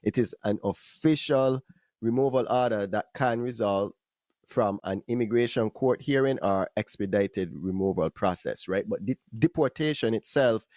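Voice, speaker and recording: A male host with a low voice explains terms for the audience in a measured, steady way. The sound is dry and close, with no room echo. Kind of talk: interview.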